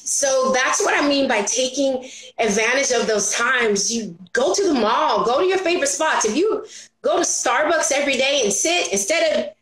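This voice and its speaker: A woman guest on a business talk show, chatting casually and acting out quotes in an animated way. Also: high-pitched, normal speed. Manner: animated, acts out her own and others' quotes with laughs. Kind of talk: casual interview chat. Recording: roomy echo.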